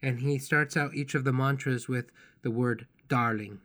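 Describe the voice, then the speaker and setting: A man hosting his own podcast, telling personal stories in a gentle, unhurried, tender way. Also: medium pitch, fairly even intonation. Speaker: podcast host and author. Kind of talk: reflective personal podcast monologue.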